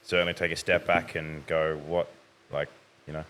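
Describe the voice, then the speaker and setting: A young man, a podcast guest talking through his recent past in a measured way, often hedging. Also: rumbling low, little pitch movement, sharp tone, clean tone. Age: young adult. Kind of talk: casual interview.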